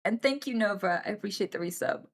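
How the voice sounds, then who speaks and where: A woman's voice: mid-range voice, fast. A young woman streaming live and giving blunt, sweary advice to her chat, often acting out the people she quotes.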